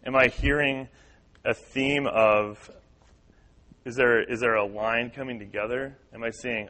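A man's voice: medium pitch, steady tone, a little slow, bright, forceful tone, rough recording. A man teaching a church class on listening in personal ministry, earnest and repetitive, acting out the voices of people he quotes. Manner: earnest, repeats key points, acts out quoted voices.

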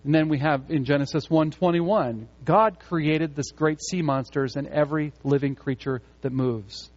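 A man's voice: a little high, normal speed, a little mellow. A man preaching a sermon with emphasis, repeating key phrases to drive them home. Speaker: pastor. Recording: muffled lo-fi sound.

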